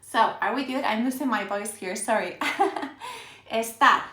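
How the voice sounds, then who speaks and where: A woman's voice: a little high, sing-song, unhurried, sharp tone. A woman from Spain with a Spanish accent, teaching a live-streamed lesson in an upbeat way and checking in with "okay?" after nearly every phrase. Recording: echoey room.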